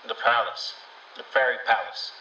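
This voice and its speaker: A man doing a hoarse, shy wood boy. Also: fairly low pitch, animated, moderate pace, slight background noise. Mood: quiet, solemn. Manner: quiet, muttering, few words. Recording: roomy, distant, dull sound.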